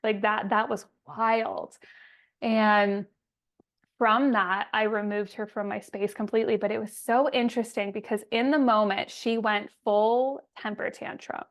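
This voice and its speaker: Woman host, mid-pitch voice, telling a story all fired up over a video call. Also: measured pace. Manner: emphatic, animated storytelling. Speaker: podcast host. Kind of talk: casual storytelling.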